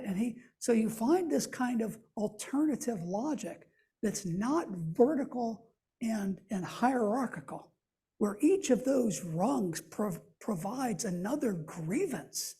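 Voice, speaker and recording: A man lecturing at a church in a very husky, breathy voice with a mellow, dark tone. He speaks thoughtfully, pausing and restarting phrases as he works through an idea. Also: high voice. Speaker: guest lecturer.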